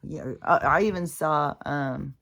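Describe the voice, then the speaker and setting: Low-pitched middle-aged woman, spiritual vlogger, blunt, profane, animated chatter. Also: takes it slowly. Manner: animated, swears freely, acts out quoted voices. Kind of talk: casual rambling monologue.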